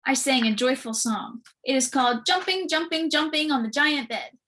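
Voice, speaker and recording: A woman reading a children's book aloud with lively, expressive storytelling. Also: a little high, normal speed. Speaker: storybook reader.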